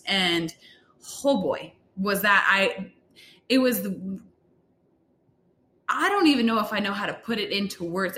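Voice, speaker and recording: Chatty young woman telling a story in an echoey room. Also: mid-range voice. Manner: chatty, candid, with frequent fillers and animated retellings. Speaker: vlogger sharing a birth story. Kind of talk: casual personal storytelling. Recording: roomy echo.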